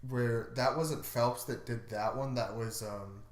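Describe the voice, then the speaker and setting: رجل يتحدث بعفوية في غرفة ذات صدى. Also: male voice, medium pitch, fairly even intonation, a little slow. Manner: laid-back, hedging with fillers. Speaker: podcast co-host. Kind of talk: casual chat. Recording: roomy echo.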